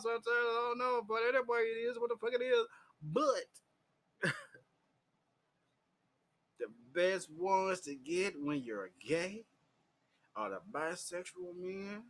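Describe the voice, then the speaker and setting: A tipsy man telling a crude personal story in casual, profane vlog style, laughing often and shouting when he gets heated. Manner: loud, crude and laughing, swings into high shouting. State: drunk. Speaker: vlogger.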